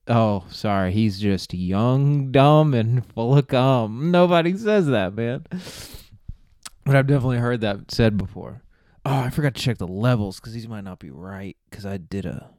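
A man's voice: mid-range voice, darkish tone, smooth, no echo, clean studio sound. A young man hosting a podcast, rambling through a comic story and laughing at his own jokes. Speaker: podcast host. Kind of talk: casual comedic monologue.

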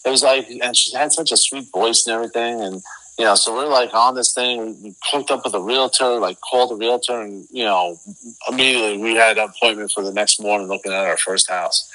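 Medium in pitch and fairly quick, a middle-aged guest in an interview spins a rambling story. His animated, casual retelling is heavy with fillers. The recording sounds rough.

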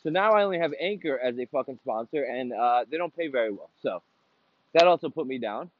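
Profane ranting podcast host, walking. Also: male voice, medium pitch, expressive, a little fast, no echo, lo-fi sound. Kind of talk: casual monologue. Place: walking outdoors in the rain.

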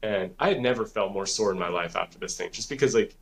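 A man's voice: on the low side, fast, creaky. A man co-hosting a podcast, telling a story in a rambling, casual way, swearing freely and saying "like" and "dude" a lot. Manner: rambling, profane, heavy use of "like" and "dude". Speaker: podcast co-host.

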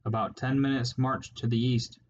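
A man voicing a brisk, efficient male weasel scout who reports in a clipped, matter-of-fact way, in a slightly muffled recording. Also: medium pitch, flat delivery, close to an everyday voice. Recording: slightly muffled with faint hiss.

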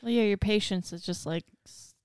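A woman's voice: medium pitch, normal speed, a little mellow, smooth, dry recording. A woman chatting on a podcast about parenting in an earnest, agreeing way. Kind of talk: casual chat.

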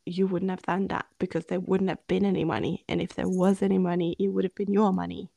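A woman co-hosting a podcast, telling a personal story in a candid, rambling way and often dropping into a hushed voice. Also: on the low side, little pitch movement, fairly quick, gravelly, dry recording. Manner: candid, rambling, drops into hushed whispers when retelling. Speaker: podcast co-host. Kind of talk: casual storytelling chat.

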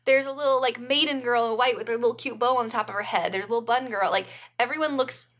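A bright-voiced woman co-hosting a casual chat. She rambles with enthusiasm, restarting her sentences as she goes. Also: on the high side, quick pace. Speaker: podcast co-host.

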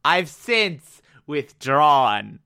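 A man recaps a TV episode in casual, excitable talk, full of fillers and the odd curse. His voice sits a bit high and sounds sharp and very bright. He takes his time. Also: extremely slow, vocal fry, smooth. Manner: excitable, profane, filler-heavy.

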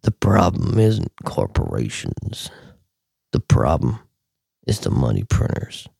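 Man putting on a deep solemn prophet voice. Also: wildly swooping pitch, creaky, dark tone, husky, no room sound, clean studio sound, full character voice. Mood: grave. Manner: slow, grave, dramatic reading. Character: deep, solemn male Twitter alter ego.

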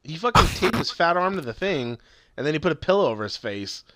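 A man's voice: a little high, big pitch swings, fast, sharp tone, a little hiss or hum. A man co-hosting a casual podcast, recapping a TV episode with lots of swearing and acted-out quotes. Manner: swears often, retells scenes in acted quotes. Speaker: podcast co-host.

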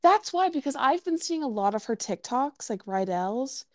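A woman's voice: sits high, sing-song, normal speed, dry recording. Woman, podcast co-host, rambling casual chat, dry close mic. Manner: rambling, lots of fillers and restarts. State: has the hiccups.

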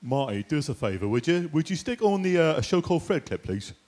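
A man's voice: fairly high pitch, big pitch swings, fast talker, darkish tone. A man hosting on a live stage, hesitant with many fillers. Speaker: host. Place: stage before a live audience.

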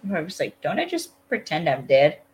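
A woman hosting a casual podcast chat, recapping an episode in a relaxed, chatty way and laughing often. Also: deep voice, a little fast, a little hiss or hum, poor audio.

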